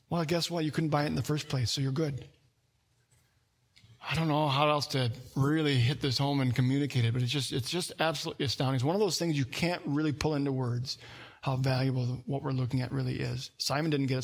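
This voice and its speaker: A man preaching a sermon in an animated, conversational way, often acting out quoted voices and restarting phrases. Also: a little high. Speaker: pastor.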